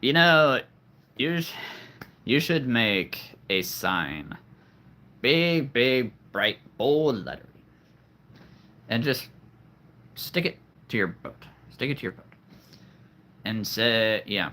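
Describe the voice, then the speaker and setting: A man hosting a casual livestream, chatting with viewers, laughing often and jumping up in pitch when excited. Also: takes it slowly, pauses often. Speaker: livestream host. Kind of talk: casual livestream chat reading comments.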